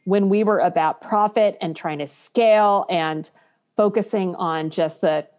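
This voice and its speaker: A woman's voice: on the low side, a little slow, darkish tone. Earnest woman guest, reflective. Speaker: guest, company co-founder. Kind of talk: casual interview chat.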